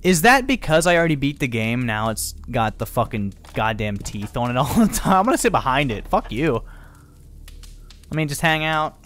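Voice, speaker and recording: A young man casually commenting on a horror game he is playing, profane and prone to loud startled outbursts. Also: medium pitch, big pitch swings, moderate pace. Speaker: gaming channel host. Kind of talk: let's play commentary.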